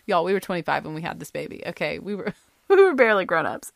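A woman's voice: on the low side, fast talker, vocal fry, no room sound, clean studio sound. Chatty woman telling a family story. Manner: chatty and animated, full of "like" and "you know", laughs often. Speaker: storyteller sharing a family anecdote; mother. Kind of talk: casual personal storytelling.

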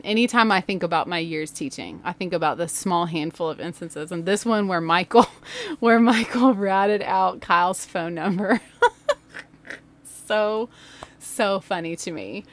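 Woman podcaster, ex-teacher, chatty storytelling, laughs a lot, home studio feel. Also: medium pitch. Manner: animated, laughs often, acts out voices. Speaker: podcast host and former teacher. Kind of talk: storytelling monologue. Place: laundry room home studio.

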